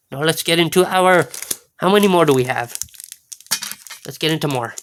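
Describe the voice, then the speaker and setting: A woman's voice: low voice, normal speed, pauses often. A woman in an unboxing vlog, giddy and squealing, rambling to herself as she opens card packs. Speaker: card pack opener.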